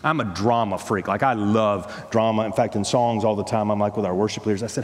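A man's voice: lowish voice, fairly quick. Guy preaching a sermon, stumbles and repeats words, big echoey hall. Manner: emphatic, repeats words, stutters into restarts. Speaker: pastor. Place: church sanctuary. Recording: long hall reverb.

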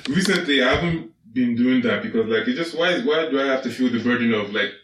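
A man's voice: medium pitch, quick pace, a bit bright, recorded from a distance. A young man with a Nigerian accent, a podcast guest, speaks thoughtfully and asks questions in a casual chat. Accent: Nigerian English. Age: young adult. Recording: roomy, off-mic, faint noise.

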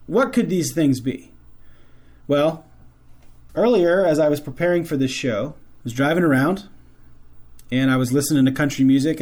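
A man's voice: on the high side, a little mellow. Earnest man preaching to fathers. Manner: earnest, repeats and restarts phrases for emphasis. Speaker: host of a Catholic faith show. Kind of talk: preaching-style talk to fathers.

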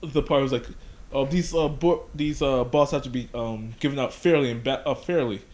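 A man in casual podcast chat, chiming in with quick remarks full of fillers. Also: mid-range voice, a little mellow. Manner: quick interjections, hesitant with many fillers.

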